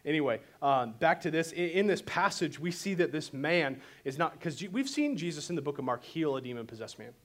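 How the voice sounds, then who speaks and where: A man preaching a sermon and telling the story in an animated way. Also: on the high side, fairly quick, hardly any pauses. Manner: animated storytelling, voices quotes dramatically. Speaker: pastor.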